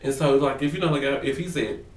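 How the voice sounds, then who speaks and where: Animated, profane man gossiping to camera. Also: medium pitch, brisk, far from the mic. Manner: animated, profane, slangy, acts out quotes in voices. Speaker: vlogger reviewing a reality show. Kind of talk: casual gossip commentary to camera. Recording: roomy sound, away from the mic.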